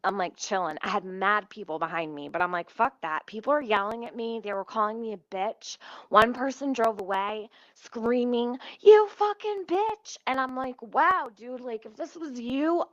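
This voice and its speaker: A woman vlogger tears through a storytime rant, heated and full of swearing. Her voice sits in a middle pitch. The recording is dry and dull, with a muffled lo-fi edge. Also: a bit bright, no room sound.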